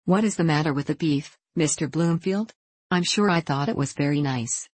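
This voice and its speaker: A cool, curt lady of the house answers in short, clipped words, as an audiobook reader puts her on. Her replies are concise and flat. The sound is dry and close. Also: mid-range voice, normal speed, slightly rough, no echo, lightly acted. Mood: puzzled.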